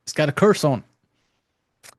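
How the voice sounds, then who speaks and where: A man hosting a podcast, recapping a horror film in a rambling, profane, loose way with lots of fillers. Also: takes it slowly. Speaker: podcast host. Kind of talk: casual movie recap.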